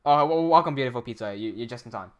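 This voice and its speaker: A man's voice: medium pitch, lively intonation, fast talker, a little mellow, dull audio. A young man animator chatting casually on a livestream; he reads the chat aloud, laughs often and swears a lot. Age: young adult.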